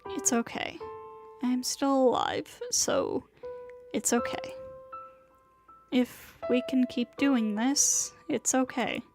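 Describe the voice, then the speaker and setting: Woman streamer, narration read: high, unhurried, soft, music bed behind. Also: fairly even intonation. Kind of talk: reading a visual novel aloud.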